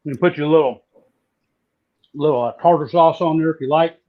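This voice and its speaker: A man from southeastern Virginia, chatting casually while demonstrating how to fry catfish. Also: fairly high pitch, brisk. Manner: folksy, relaxed, drawling. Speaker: cooking guest. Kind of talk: casual cooking demo on a live stream. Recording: dull lo-fi stream audio.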